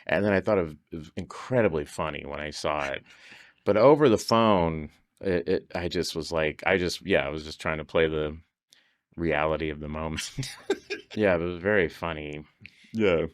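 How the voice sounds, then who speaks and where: A man's voice: rumbling low, moderate pace, no room sound, clean studio sound. A man on a podcast telling stories in casual conversation, laughing often and acting out the voices of people he quotes. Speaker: podcast guest.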